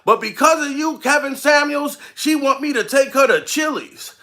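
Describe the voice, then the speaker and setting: A man with a high-pitched, bright, cutting voice delivers a comedic rant straight to camera. He talks in coarse street slang, circling back over the same points again and again. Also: normal speed. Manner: profane, repetitive street-talk rant.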